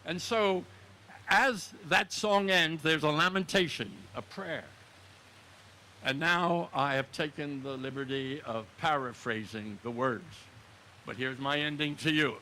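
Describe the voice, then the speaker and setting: A man's voice: a little high, unhurried, pushed and bright, a little hiss or hum. A man in his nineties, a veteran speaking solemnly at an outdoor memorial ceremony, repeating words for emphasis. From United States. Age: 90s. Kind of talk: ceremonial public speech.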